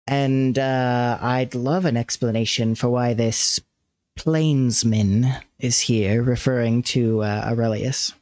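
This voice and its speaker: A man running a tabletop game as game master, narrating slowly with frequent fillers. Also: mid-range voice, fairly even intonation, a little mellow, dry recording. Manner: slow, measured with many fillers.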